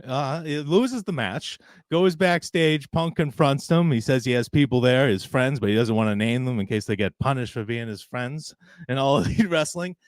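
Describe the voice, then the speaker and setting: A man's voice: medium pitch, moderate pace, dry recording. A man co-hosting a wrestling podcast, retelling a backstage story in casual chat and laughing often as he quotes others. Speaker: podcast co-host.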